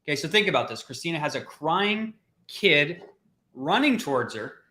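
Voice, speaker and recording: A man with a bright, forceful, fairly high voice coaches listeners on a career podcast. He drives his points home with rhetorical questions, and the room around him sounds echoey. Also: sing-song, moderate pace. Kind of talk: energetic coaching talk.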